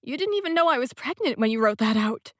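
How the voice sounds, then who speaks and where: A woman reading the part of an emotional young woman, fiery and on the edge of tears, whose voice climbs high and pleading. The sound is close and dry, with nothing of the room behind it. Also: very animated, fast talker, dry recording. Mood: tearful. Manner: high, pleading, tearful outbursts. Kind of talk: audiobook dialogue reading.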